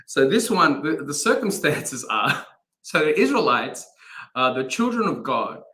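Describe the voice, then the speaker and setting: A young chaplain with a slightly high, sharp voice that swings widely in pitch speaks unhurriedly in a casual live-streamed daily devotion. Using just a phone or laptop mic, he chats and rambles, with lots of fillers and laughter.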